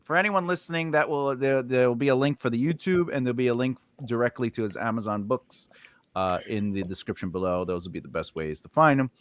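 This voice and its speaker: A man's voice: medium pitch, a little fast, no room sound. A man hosting a podcast interview, chatting casually with a joking, rambling manner. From Sicilian heritage. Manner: jokey, rambling, lively. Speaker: podcast host.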